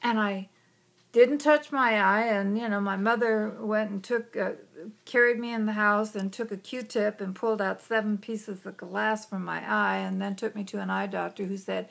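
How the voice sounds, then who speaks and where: A woman's voice: mid-range voice, steady tone, normal speed, creaky, a bit bright. A woman, a psychic hypnotist, telling a personal story in a chatty way, often saying "you know" and whispering some quotes. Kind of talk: conversational storytelling.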